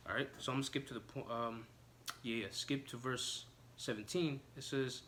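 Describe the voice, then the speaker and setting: A man teaching scripture in an informal sermon, halting with many fillers and restarts and slowing down to read verses aloud. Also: medium pitch, fairly even intonation, a bit bright, a little hiss or hum. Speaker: preacher.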